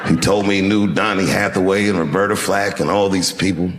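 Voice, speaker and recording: A man in his fifties from Washington, D.C., telling a reflective story to an audience in a measured, unhurried way with dramatic pauses. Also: low-pitched, steady tone. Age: 50s. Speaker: comedian.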